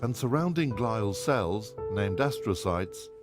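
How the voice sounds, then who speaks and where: A man reading scripted scientific narration in a measured, precise way. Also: on the low side, expressive. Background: clear guitar music.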